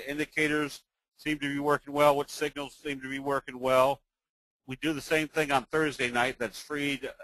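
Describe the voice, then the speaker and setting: Folksy male webinar presenter, slightly high voice, dry close mic, salesy delivery. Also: a bit bright, no echo, low-quality recording. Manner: folksy, tells jokes, sales pitch.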